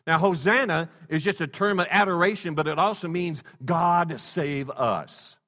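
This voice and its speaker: A man preaching a sermon, swinging from loud exclamations to hushed low passages and leading the congregation in call-and-response. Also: fairly quick. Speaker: pastor. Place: church sanctuary. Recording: long hall reverb.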